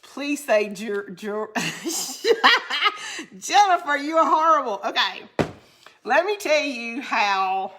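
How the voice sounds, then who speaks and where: A woman's voice: high voice, sing-song, extremely slow, pushed and bright, slight background noise. A woman with a Southern US accent hosting a crafting livestream, chatting casually with viewers, reading their comments aloud and laughing often.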